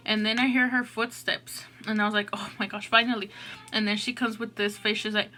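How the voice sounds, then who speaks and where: A woman's voice: medium pitch, little pitch movement, fairly quick, bright, forceful tone. A woman hosting an eating show, telling a story in a rambling, casual way full of "like" and "oh my gosh.". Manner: rambling, filler-heavy, lots of "like" and "oh my gosh".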